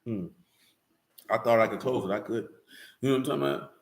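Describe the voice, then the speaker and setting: A man preaching a street-style sermon, heated and profane, often building to shouts. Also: medium pitch, fast talker, vocal fry, reverberant.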